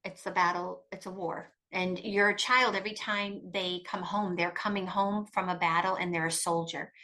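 A woman's voice: fairly low pitch, steady tone, moderate pace, bright, forceful tone. A middle-aged woman, a guest expert, talking emphatically and animatedly in a conversational interview, often restarting her sentences. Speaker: guest expert on coercive control.

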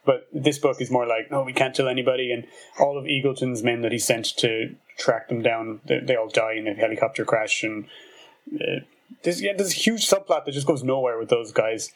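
A man's voice: mid-range voice, moderate pace. A man with a mid-range voice co-hosts a casual book review podcast. He talks animatedly and laughs often. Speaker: podcast co-host.

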